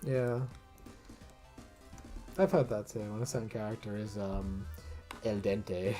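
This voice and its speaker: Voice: mid-range voice, steady tone, slow, mellow, soft background music. A streamer chatting casually while drawing, rambling, swearing freely and laughing often.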